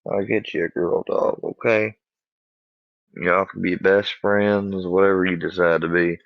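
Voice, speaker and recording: A man rambling and cursing as he talks casually to his dog, with halting restarts, on a dull lo-fi recording. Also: deep voice, little pitch movement, vocal fry, no echo.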